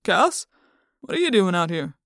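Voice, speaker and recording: Lady reading as a groggy grumpy dad, gruff, a bit lower than her own voice. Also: big pitch swings, moderate pace, a bit bright, no room sound, clean studio sound. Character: sleepy, cranky middle-aged farmer dad.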